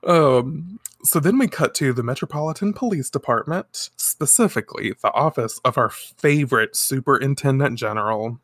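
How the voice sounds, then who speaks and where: A woman's voice: extremely low pitch, normal speed, hardly any pauses, no room sound, studio quality. A woman chatting casually as a podcast co-host, recapping a cartoon episode with lots of laughing and fillers. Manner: animated, giggly, lots of fillers.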